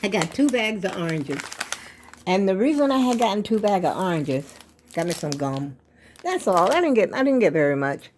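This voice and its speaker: A woman's voice: mid-range voice, big pitch swings, moderate pace, a little mellow, slight background noise. An older woman, chatting casually at home for a vlog, rambling and a bit out of breath. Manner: rambling, chatty, addresses viewers as y'all. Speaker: vlogger.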